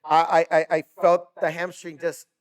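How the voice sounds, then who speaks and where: A man's voice: fairly high pitch, flat delivery, moderate pace, smooth. A man and coach telling long casual stories, rambling with lots of filler words. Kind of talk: casual storytelling.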